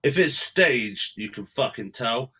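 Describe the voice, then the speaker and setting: A man co-hosts a podcast in casual banter. His voice is bright and forceful, and his jokes are blunt, crude and full of swearing. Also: medium pitch, expressive, unhurried, slightly rough. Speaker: podcast host.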